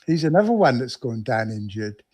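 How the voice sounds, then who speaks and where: A middle-aged man co-hosting a podcast stream, speaking in a calm, reassuring way with plenty of ums. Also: medium pitch, moderate pace. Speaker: podcast co-host. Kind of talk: casual chat on a live stream.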